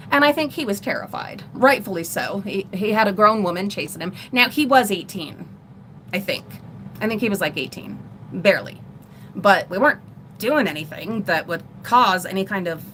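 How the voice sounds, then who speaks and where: A middle-aged woman vlogger telling a personal story in a rambling, animated way on a casual livestream. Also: mid-range voice, moderate pace, slight background noise. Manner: rambling, animated retelling with laughs.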